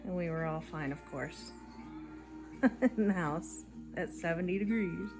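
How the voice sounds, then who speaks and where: A middle-aged woman crocheting and chatting casually at home, rambling and tired, yawning between soft laughs. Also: fairly low pitch, a little slow, music in the background. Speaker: crochet vlogger. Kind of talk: casual chat while crocheting. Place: living room at home. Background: faint background audio playing.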